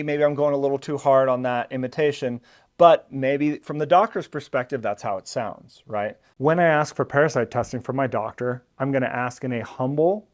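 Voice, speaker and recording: A man's voice: mid-range voice, brisk. Easygoing man explaining health advice. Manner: conversational and reassuring, with loose fillers; acts out quoted patients with sudden emphasis. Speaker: channel host explaining a health topic. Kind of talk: casual explainer to camera.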